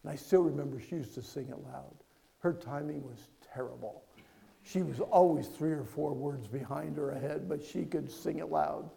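A preacher in his fifties tells a story from the pulpit, his voice gravelly and a touch high for a man. He drops to a hush, then builds to loud, emphatic peaks. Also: normal speed, rough recording. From Pennsylvania. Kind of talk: sermon with personal story.

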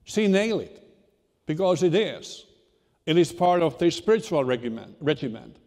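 Pastor preaching in a reverberant church. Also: male voice, a little high, very animated, darkish tone. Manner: unhurried, halting delivery with repeated restarts. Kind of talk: sermon. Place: church sanctuary.

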